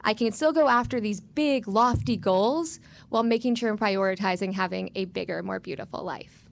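A woman's voice: mid-range voice, moderate pace, vocal fry, background noise. A young woman from Florida telling a personal story on stage, candid and self-mocking, acting out the quotes. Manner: animated retelling with voiced quotes.

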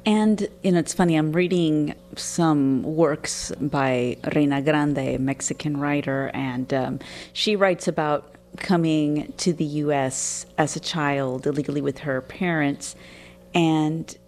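A woman's voice: low-pitched, slow pace, darkish tone. A woman interviewing a poet, asking thoughtful questions in a conversational way.

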